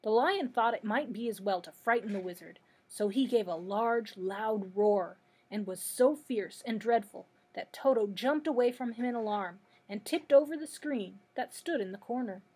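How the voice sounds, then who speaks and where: A woman librarian reading a children's book aloud in steady narration. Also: fairly high pitch, normal speed, hardly any pauses, slightly rough. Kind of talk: storybook read-aloud.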